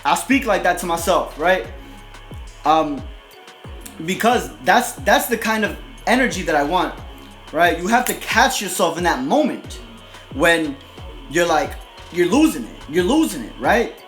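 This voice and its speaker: With music behind him in an echoey room, this man delivers a laid-back motivational talk in a high-pitched, sing-song, fairly bright voice. He goes a little slowly and pauses often, yet stays blunt, aggressive, and profane, ending almost every sentence with "right?" as host of the video.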